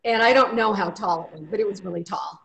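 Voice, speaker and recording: A woman who is president of a marketing company talks fast as an interview guest over a video call, her mid-range voice fairly bright with vocal fry. She tells personal stories in a chatty, upbeat way, and the call audio is dull and lo-fi with faint noise.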